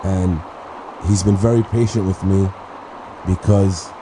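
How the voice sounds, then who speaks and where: A man casually telling a personal faith story, talking haltingly with restarts, repeated words and many fillers. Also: low-pitched, fairly even intonation. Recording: clear background ambience noise.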